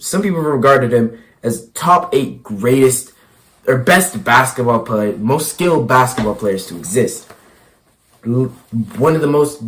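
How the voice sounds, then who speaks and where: A young man with a hoarse, worn-out voice, vlogging casually about basketball. He stammers and repeats himself, and his voice swings from quiet to loud. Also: medium pitch. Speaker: basketball YouTuber. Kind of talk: excited casual vlog.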